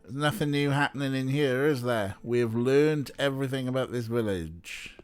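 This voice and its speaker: A let's play host chats casually as he plays, joking and thinking aloud. His voice sits at a middle pitch for a man. Faint game music plays behind him. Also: normal speed, smooth. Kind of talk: casual gaming commentary.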